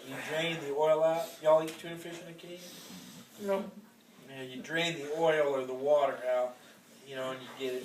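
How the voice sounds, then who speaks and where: Brief: lively woman storyteller on stage, mic far off, big crowd around. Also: low voice. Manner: animated, laughing as she tells it. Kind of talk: live comic storytelling. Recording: echoey room, far mic, loud crowd.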